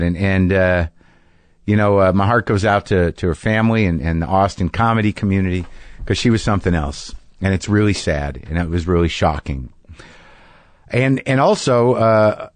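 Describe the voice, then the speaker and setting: A man's voice: lowish voice, no room sound. A middle-aged man hosting a podcast, talking in a rambling, casual way from his garage studio. He repeats his words and swears freely. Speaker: podcast host. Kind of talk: casual monologue. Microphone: studio mic in a home garage.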